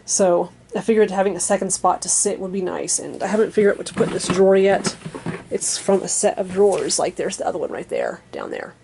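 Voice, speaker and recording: A woman's voice: fairly low pitch, sing-song, fairly quick, creaky, a little hiss or hum. Young woman rambling to her camera in her basement room, lots of likes and ums, chatty and frank. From American Midwest or South region. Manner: rambling, many fillers like "like" and "um"; frank and chatty, laughs softly between thoughts. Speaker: vlogger. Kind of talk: casual chat to camera.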